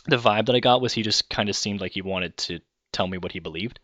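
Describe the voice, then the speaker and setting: A Canadian man hosts a podcast, thinking aloud in a casual, rambling monologue and often correcting himself mid-sentence. His voice is on the low side with a sharp tone and a quick pace, recorded with no room sound.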